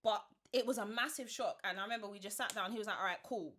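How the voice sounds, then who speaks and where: A woman's voice: medium pitch, fast, fairly bright tone, slight background noise. A woman in her twenties with a London accent, telling her story animatedly with plenty of slang as a podcast guest. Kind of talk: casual chat.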